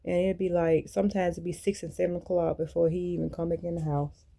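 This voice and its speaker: A woman's voice: lowish voice, flat delivery, fast, vocal fry, mellow. A woman vlogger rambling candidly to her viewers in a blunt, colloquial way. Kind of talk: casual monologue to viewers.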